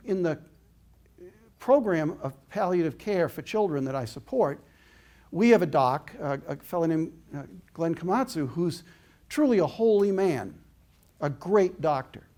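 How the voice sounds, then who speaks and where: A man's voice: fairly high pitch, expressive, moderate pace, dark tone. An older man giving an inspirational talk, telling a personal story in an earnest, reflective way. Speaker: inspirational speaker.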